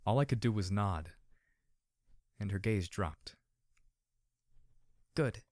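A man narrating a story in a measured, expressive manner. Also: on the low side, no room sound, studio quality.

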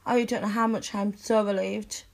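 A young woman in a one-sided audio role-play, speaking softly and intimately to the listener as her best friend, with sighs and giggles. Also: medium pitch, steady tone, moderate pace, gravelly.

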